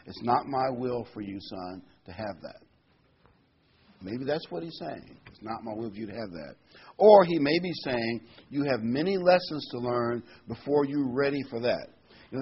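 A man preaching a sermon in a plain, conversational way, reading scripture and pausing often with fillers. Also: medium pitch, highs cut off, a little hiss or hum.

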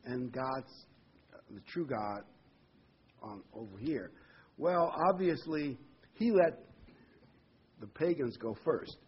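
Animated male Bible teacher, husky lo-fi. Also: mid-range voice, slow pace, pauses often. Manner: animated retelling, voice jumping up when mocking. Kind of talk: Bible study lesson.

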